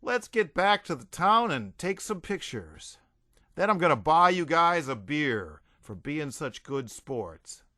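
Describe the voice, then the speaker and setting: A man's voice: fairly high pitch, slow, dry recording, studio quality, full character voice. A man voicing a jumpy, sheepish young rock musician who stammers. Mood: cheerful. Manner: excitable, stammering.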